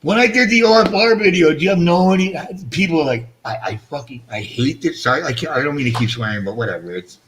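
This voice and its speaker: A man's voice: a little high, lively intonation, fast talker, few pauses, fairly bright tone, slight background noise. A middle-aged man hosting a casual fish-keeping livestream, rambling and self-mocking, swearing freely, his speech shaped by missing front teeth. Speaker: fish-keeping channel host.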